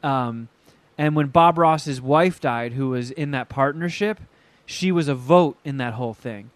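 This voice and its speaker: A man co-hosting a casual podcast chat, telling stories in a profane, animated way with acted-out quotes. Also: mid-range voice, measured pace, dry recording. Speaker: podcast co-host.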